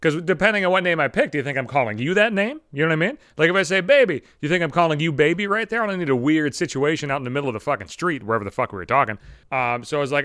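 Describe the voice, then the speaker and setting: A man's voice: on the high side, animated, fast, fairly bright tone, no echo, studio quality. A man hosting a solo comedy podcast, ranting profanely and acting out other people's voices. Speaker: podcast host.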